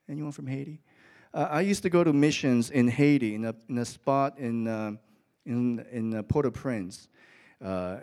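A man's voice: mid-range voice, warm tone. Man preaching a storytelling sermon. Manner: storytelling, rising to emphatic peaks. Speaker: pastor. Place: church with an audience.

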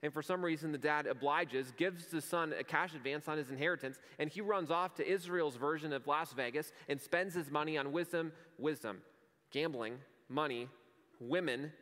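A man's voice: fairly high pitch, normal speed, a bit bright. A male pastor delivering a sermon in an earnest, conversational way, telling vivid everyday stories. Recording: long hall reverb.

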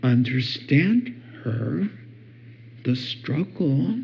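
Slow-talking pastor man, dull recording. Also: medium pitch, very animated, gravelly. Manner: playful, acts out spouses' words with laughter. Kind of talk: sermon. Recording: dull lo-fi sound.

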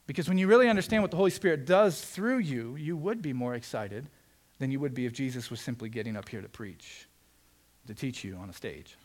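A man preaching a sermon as pastor, in a conversational, animated way, acting out quotes and asides. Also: medium pitch, brisk.

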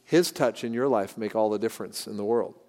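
A middle-aged man from the San Francisco Bay Area, preaching a sermon in a church in an earnest, conversational way, pausing and restarting as he speaks. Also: fairly low pitch, dark tone. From San Francisco Bay Area, California. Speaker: pastor. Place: church sanctuary. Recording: long hall reverb.

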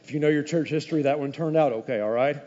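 A male pastor preaching a sermon in an animated, conversational way, with frequent asides to the congregation. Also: fairly high pitch, fast talker. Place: church sanctuary. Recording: dull, echoey hall recording.

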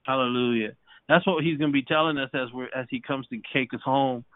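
A man's voice: medium pitch, fairly even intonation, a little fast, dry recording. A man leading a podcast Bible study, preaching fervently with frequent hallelujahs and restarts. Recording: dry, phone-like sound.

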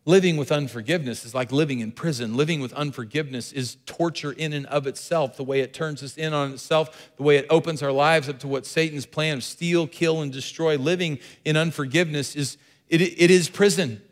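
A man delivers a sermon in an earnest, emphatic way, circling back to repeat his key lines. His voice sits a little high for a man. The sound carries a long reverb, as if recorded in a large hall. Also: brisk. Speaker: pastor.

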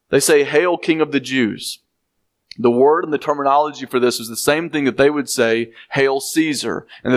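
A man leads a verse-by-verse Bible lesson in an explanatory, emphatic way. His voice sits in an ordinary middle pitch, and he often repeats words for weight. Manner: explanatory, emphatic, acts out quoted speech with rising pitch. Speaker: Bible teacher.

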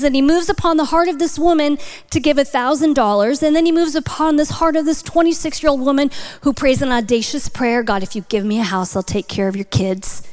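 A woman's voice: sits high, darkish tone. A woman telling a story in a sermon, dropping to a whisper for emphasis and building to a passionate call at the close. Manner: rises to passionate exhortation. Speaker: speaker at a church.

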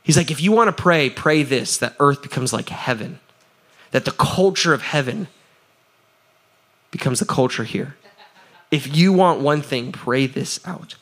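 A man preaching a sermon as pastor, energetic and chatty, asking the crowd for answers and often adding "right?". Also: mid-range voice, a little slow, long pauses. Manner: laughs often, repeats "right?".

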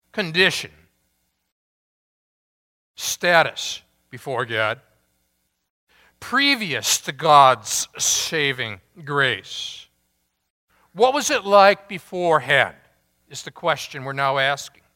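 A pastor preaches his sermon at an unhurried, measured pace, deliberately emphasizing key words and asking his listeners rhetorical questions. His voice is slightly high for a man, bright and clear, with a big-room sound.

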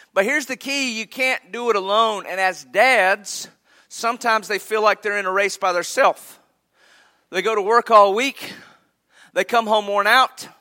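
Middle-aged pastor, bright forceful tone, folksy storyteller from the pulpit. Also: male voice, high-pitched. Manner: folksy, storytelling with rising emphatic peaks. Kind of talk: sermon.

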